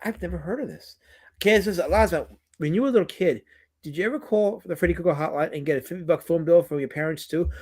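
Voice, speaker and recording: Rambling, animated New York man. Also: fairly high pitch, fast, slightly rough. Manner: animated, rambling, repeats words. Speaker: podcast host. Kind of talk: casual chat.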